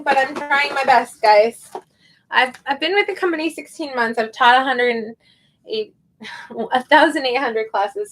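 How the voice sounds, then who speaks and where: A woman teaching online, chatting casually and hesitantly as she sounds out names one at a time. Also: fairly high pitch. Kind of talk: casual livestream chat.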